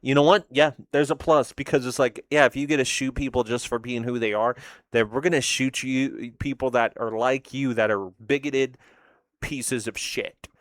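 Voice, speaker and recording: A man's voice: medium pitch, fairly even intonation, normal speed, no room sound. A man hosting a casual meme reaction video, rambling and self-deprecating, often laughing at his own comments. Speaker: host reacting to memes.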